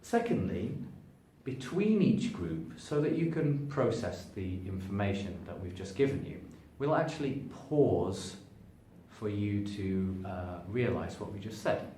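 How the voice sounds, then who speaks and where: At a measured pace, a man teaching English pronunciation to camera stretches and stresses words to show how stress works, his pitch shifting with energy. His voice sounds distant in an echoey room where he stands before a sign, moving toward and away from the camera, with faint background noise.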